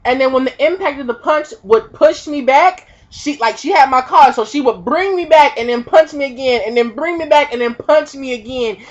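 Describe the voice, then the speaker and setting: A young woman vlogger telling a comic personal story, animated and profane, acting out the voices of the people in it. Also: sits high, normal speed, few pauses. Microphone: webcam. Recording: dull lo-fi webcam audio.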